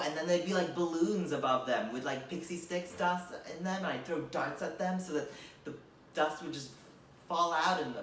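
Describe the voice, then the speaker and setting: Male comic, average pitch, sarcastic rambler; roomy, off-mic recording. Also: fairly bright tone, recorded from a distance, slight background noise. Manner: rambling, filler-heavy, mock-gushing sarcasm. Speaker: comedian. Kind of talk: comedic monologue.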